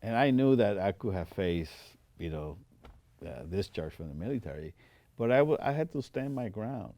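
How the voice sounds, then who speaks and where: This older man has a lowish, sing-song voice with a dark tone, speaking at normal speed with no room sound. In an interview studio, the Spanish-accented Air Force veteran, a native Spanish speaker, recounts stories using quoted dialogue and frequent restarts.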